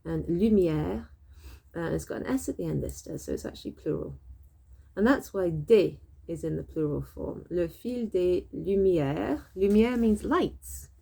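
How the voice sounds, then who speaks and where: A woman's voice: fairly low pitch, lively intonation, unhurried, vocal fry, warm tone, slightly rough. Chatty woman teaching French. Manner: chatty, explains step by step, switches between English and French. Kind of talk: casual online language lesson.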